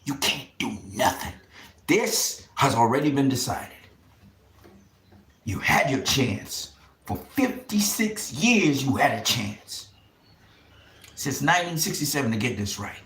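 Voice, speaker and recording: Male boxing channel host, impassioned to-camera rant, repetitive vows, swings into harsh whispers, lively pitch. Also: roomy sound. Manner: fervent, emphatic, repeats vows, drops to harsh whispers.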